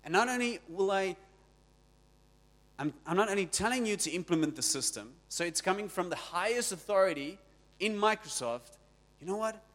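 A man's voice: high voice, lively intonation, moderate pace, a bit bright, long reverb tail. A man voicing an older company founder who phones to give firm, direct instructions. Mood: commanding.

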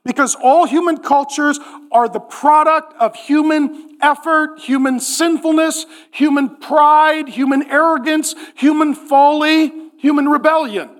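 High-voiced pastor in his forties. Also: measured pace. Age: 40s. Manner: animated, joking, acts out voices in quotes. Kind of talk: sermon. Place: church.

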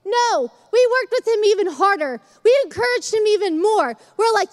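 Young woman, very high voice, sermon, chatty, animated, church. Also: moderate pace, few pauses. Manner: chatty and animated, acting out stories. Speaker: preacher.

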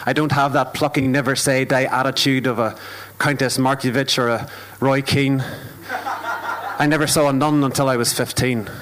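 A man's voice: mid-range voice, steady tone, moderate pace, noisy background. A man with a Northern Irish accent performing spoken word poetry live at a club, with a rhythmic, wry, self-deprecating delivery. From Northern Ireland. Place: live music club venue.

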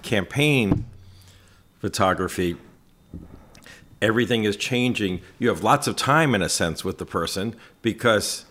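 A man with a fairly low voice tells stories in a loose, chatty way. He jumps into little acted-out quotes and laughs as he goes. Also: a little slow, pauses often, a little hiss or hum. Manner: animated anecdotes with quoted asides and laughs. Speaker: photographer guest. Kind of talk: casual storytelling interview.

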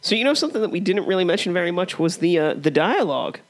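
A man's voice: high voice, big pitch swings, quick pace. Wry young man co-hosting a review. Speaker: co-host of a movie review show. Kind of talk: casual film review chat.

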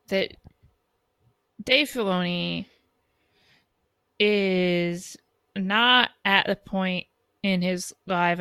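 A woman co-hosting a casual fan podcast, giving slow, measured criticism and laughing easily. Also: medium pitch, creaky, fairly bright tone, no room sound. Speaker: podcast co-host.

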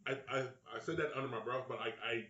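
A man on an improvised comedy podcast in a diner, sheepishly recounting something he said, halting and laughing. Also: medium pitch, bright, forceful tone, far from the mic, a little hiss or hum. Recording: roomy, dull recording in a diner.

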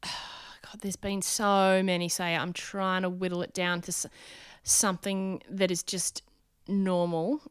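A woman, a comedian guest on a podcast, chatting and telling an animated, rambling story. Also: on the low side, a little slow, few pauses, clean tone, dry recording, studio quality. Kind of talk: casual chat, storytelling.

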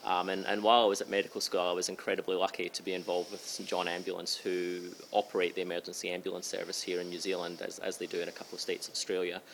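A man's voice: sits low, monotone, fairly bright tone, a little hiss or hum. A man with a light, watered-down Scottish accent, an intensive care doctor talking thoughtfully in an interview. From Scotland. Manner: thoughtful, measured, hedging. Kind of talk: conversational interview.

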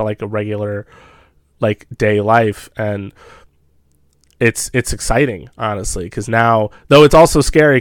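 A man's voice: mid-range voice, a bit bright, smooth, no echo, clean studio sound. A man co-hosting a movie podcast, chatting casually with restarts, laughing often. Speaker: podcast co-host. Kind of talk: casual chat. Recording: music playing underneath.

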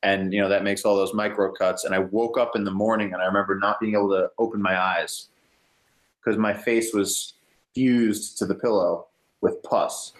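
A young man casually telling a story in an interview, rambling and relaxed, with many "like" fillers. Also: lowish voice, moderate pace. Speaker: guest, ecotourism company owner.

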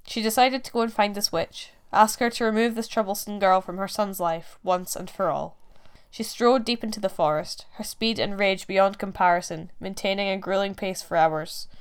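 A woman reading a folk tale aloud in a measured, expressive storytelling manner. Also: mid-range voice, clean tone. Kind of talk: scripted narration.

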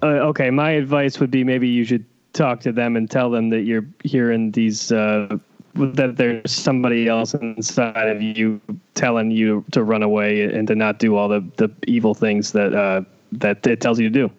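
A man co-hosting a comedy podcast, giving advice haltingly with many pauses and uhs. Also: on the low side, flat delivery, clean tone, soft background music. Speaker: podcast co-host. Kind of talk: comic deadpan advice. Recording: dull lo-fi remote line.

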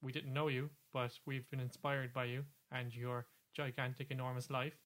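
Male co-host, mid-pitched, loose chatty riffing. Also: level tone, normal speed, fairly bright tone. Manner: chatty, riffing, says "like" a lot. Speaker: podcast co-host. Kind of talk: casual chat.

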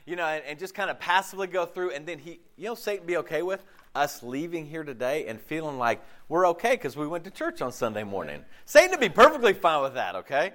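A male pastor giving a casual sermon, his voice hoarse and deeper than usual from a lost voice, rambling with many fillers and restarts before a congregation. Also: very animated, quick pace, hardly any pauses, fairly bright tone. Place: church service before a congregation.

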